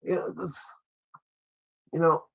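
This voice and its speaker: A man's voice: fairly high pitch, flat delivery, slow, creaky, breathy edge, phone-quality sound. A man hosting a livestream, delivering an angry, sarcastic political rant full of swearing. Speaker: livestream host.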